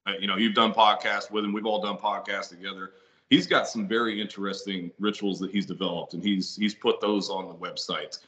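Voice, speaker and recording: A middle-aged man with a lowish voice chats loosely as a podcast guest. He rambles, restarts his sentences and swears freely, heard over a video call. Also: steady tone, a little fast, pushed and bright, dull audio. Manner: rambling, profane, many fillers and restarts. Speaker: guest, ritual seller. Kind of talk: casual podcast conversation.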